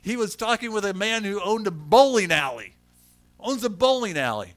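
Speaking at a moderate pace in a high-pitched voice, a middle-aged pastor delivers a sermon full of stories. He brings them to life with animation, voicing the people who appear in them.

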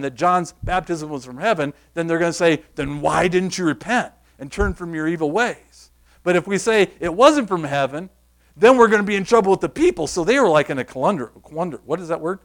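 A man's voice: on the high side, animated, brisk. A man preaching a sermon in a conversational, emphatic way, repeating key phrases and asking the congregation questions. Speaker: pastor.

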